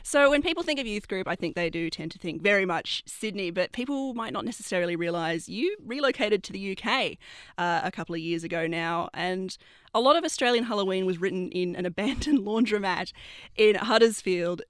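An interviewer with a mid-range voice puts lively, playful questions to a guest. The recording is dry and close. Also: medium pitch, a little fast, clean tone, dry recording.

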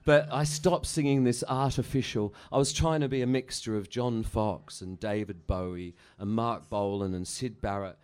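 A man's voice: fairly low pitch, steady tone, normal speed, hardly any pauses, a little mellow, clear, resonant tone. A middle-aged musician telling rambling, profane stories in a casual interview, laughing at his own anecdotes. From Australia. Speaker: musician guest.

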